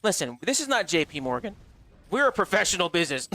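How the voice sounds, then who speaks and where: Brash, high-voiced gaming streamer guy. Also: big pitch swings, fast, sharp tone, slight background noise. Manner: brash, profane, joking, talks straight to chat. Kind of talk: casual livestream chatter.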